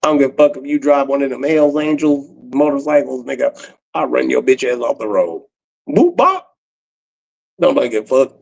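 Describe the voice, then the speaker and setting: A man in his forties doing a profane comedic rant on a livestream, breaking into cackles and swinging from loud outbursts to low mutters. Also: fairly even intonation, a little fast, gravelly, rough recording. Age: 40s.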